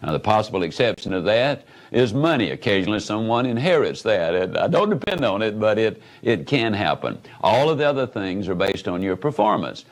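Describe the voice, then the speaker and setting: Speaking fairly quickly with hardly any pauses, a man with a fairly low pitch gives a motivational talk full of folksy stories. The archival recording is rough, but his storytelling stays animated.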